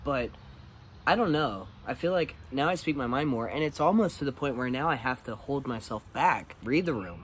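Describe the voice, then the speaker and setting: A man's voice: medium pitch, a bit bright, slight background noise. A man talking candidly in a casual vlog monologue, blunt and swearing freely. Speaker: vlogger.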